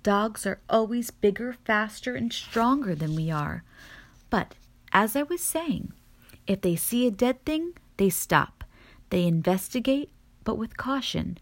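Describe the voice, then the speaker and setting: A woman's voice: on the high side, lively intonation, unhurried, pitched above the performer's own voice. A woman reading a storybook aloud, voicing a wise and theatrical mother possum who lectures her babies. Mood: solemn.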